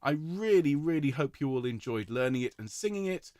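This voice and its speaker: A man's voice: fairly high pitch, lively intonation, a little fast, no echo. Enthusiastic male choir director, dry sound. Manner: enthusiastic, warm praise, demonstrates sung vowels. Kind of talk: online choir rehearsal talk.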